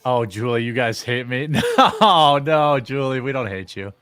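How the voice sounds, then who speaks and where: A man's voice: medium pitch, big pitch swings, a little slow, fairly bright tone, clean tone, dry recording, clean studio sound. Joking man chatting on a stream. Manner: rambling, joking, laughs often. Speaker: streamer host. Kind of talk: casual livestream chat.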